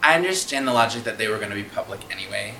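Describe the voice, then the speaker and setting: A man's voice: on the low side, expressive, racing, vocal fry, bright, forceful tone. A man co-hosting a podcast, rambling casually and thinking aloud with many restarts. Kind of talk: casual chat. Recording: echoey room.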